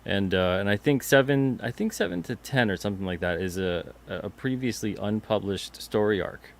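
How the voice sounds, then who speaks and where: A man co-hosting a casual livestream about comic publishing, chatty and getting animated when he vents. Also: on the low side, moderate pace, vocal fry, slight background noise. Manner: chatty, gets animated and amused when venting.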